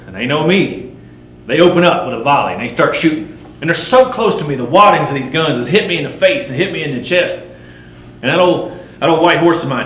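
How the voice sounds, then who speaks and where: A middle-aged man playing a boastful frontier fur trapper, spinning a first-person campfire tall tale in a folksy drawl with rough frontier grammar, wry and swaggering. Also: medium pitch, a bit bright, natural voice. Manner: swaggering, wry, chuckling at his own yarns. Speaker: living history storyteller. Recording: roomy recording with faint hum.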